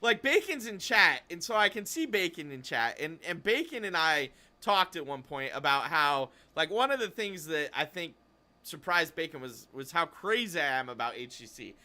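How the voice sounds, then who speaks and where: Bright-voiced man hosting a gaming podcast. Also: a little high, very animated, normal speed. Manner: rambling, self-interrupting, chatty. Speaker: podcast host. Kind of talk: casual esports podcast chat.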